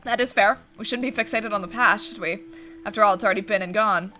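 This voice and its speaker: A woman's voice: mid-range voice, fast talker, sharp tone, faint music behind, close to an everyday voice. A woman voicing a suave fox detective. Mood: smooth. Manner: smooth, formal, courteous. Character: suave male fox private investigator.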